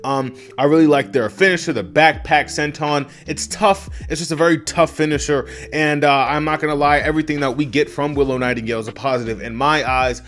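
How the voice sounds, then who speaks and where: A man casually reviewing a wrestling show on his own, swearing freely, talking to his chat and breaking into loud yelled asides. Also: a little high, a little fast, hardly any pauses. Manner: animated, profane, addresses chat, bursts into loud yelled asides. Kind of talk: casual solo review rant.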